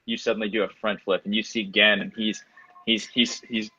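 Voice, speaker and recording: A man narrating as game master of a tabletop game, halting and full of restarts. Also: fairly low pitch, flat delivery, sharp tone, muffled recording, slight background noise.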